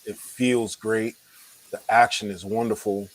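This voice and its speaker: A man's voice: lowish voice, little pitch movement, a little slow, rough recording. A man co-hosting a late-night chat, talking casually and rambling with restarts, a little tired. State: tired, yawning. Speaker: podcast co-host.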